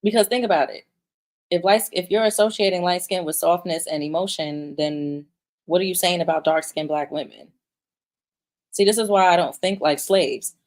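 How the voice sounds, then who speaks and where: A young woman delivers opinionated vlog commentary in a fairly low voice. She is blunt and emphatic, swears freely, and often restarts her sentences as she presses her point. Now and then she reads viewer comments aloud. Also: fairly even intonation, moderate pace, darkish tone. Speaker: commentary vlogger.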